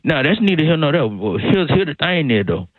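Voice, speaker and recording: A man's voice: on the high side, big pitch swings, a little fast, no room sound. A man calling in to a radio comedy bit. He rambles in circles, repeats himself and keeps calling the host "shawty". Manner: rambling, repetitive, circles back to the same phrases; slangy, calls the host shawty. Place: on a phone call into a radio show. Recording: tinny phone line.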